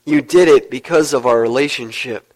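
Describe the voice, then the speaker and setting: A man voicing a tender old grandmother who speaks softly and calmly. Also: medium pitch, normal speed, voice pushed down, close to an everyday voice, poor audio. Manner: soft, tender and calm. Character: loving old grandmother, gentle and amused.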